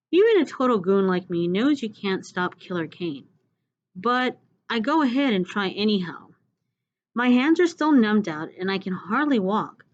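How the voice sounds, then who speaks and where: A woman reading a novel aloud chapter by chapter, with expressive, dramatic delivery. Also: fairly high pitch, lo-fi sound. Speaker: reader.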